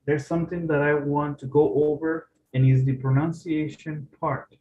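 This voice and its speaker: A man's voice: a little high, flat delivery, normal speed, mellow, highs cut off, a little hiss or hum. Upbeat male tutor in an echoey room. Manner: encouraging, checks readiness often. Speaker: English tutor. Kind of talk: casual tutoring session.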